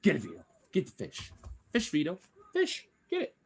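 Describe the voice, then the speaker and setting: A man streaming live while playing with his pets, excitable, coaxing and teasing them and swearing a lot. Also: a little high, moderate pace, long pauses, slightly rough. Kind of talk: casual live-stream chat.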